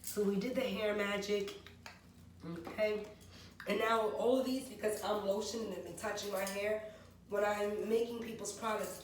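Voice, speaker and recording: A woman in her forties, a maker of natural hair and skin products, chatting her way through her product line and rambling through lists of ingredients. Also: mid-range voice. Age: 40s. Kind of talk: casual product walkthrough vlog. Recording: very echoey room, voice from far off, faint background hum.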